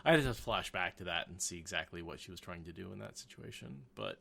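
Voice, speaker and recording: A man's voice: low voice, expressive, quick pace, creaky, a bit bright. A man co-hosting a podcast, chatting casually and making dry, wry asides. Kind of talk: casual chat.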